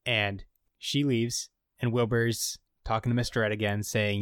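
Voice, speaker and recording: A man co-hosting a casual podcast, recapping a show and acting out the characters' lines in an animated way. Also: on the low side, measured pace, smooth, no room sound, clean studio sound. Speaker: podcast co-host recapping an episode. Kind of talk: casual chat.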